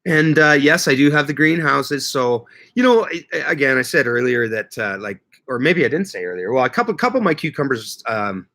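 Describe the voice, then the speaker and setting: A man chats loosely with his viewers on a livestream, his voice bright and forward. He rambles from topic to topic and jokes along the way. His pitch sits in an ordinary middle range. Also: very animated, a little fast, few pauses. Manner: rambling, joking, reads viewer comments aloud. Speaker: livestream host. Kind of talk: casual live chat with viewers.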